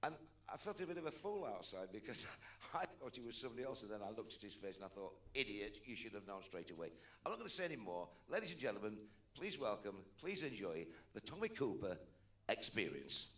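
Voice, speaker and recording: A man's voice: on the low side, very animated, a little fast, fairly bright tone. Man compering a club stage show. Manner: chatty, building up to an announcement. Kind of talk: stage introduction.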